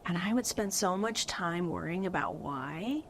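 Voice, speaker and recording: A woman's voice: fairly low pitch, animated, unhurried, a little hiss or hum. Chatty earnest woman podcast host. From California. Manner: earnest, chatty, many "like" fillers. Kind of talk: casual chat with guests.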